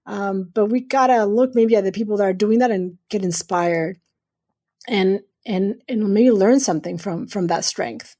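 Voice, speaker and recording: With a warm, mid-range voice at normal speed, this middle-aged woman is the guest urologist in a podcast interview. A surgeon by trade, she is earnest and emphatic and tends to repeat phrases to drive points home.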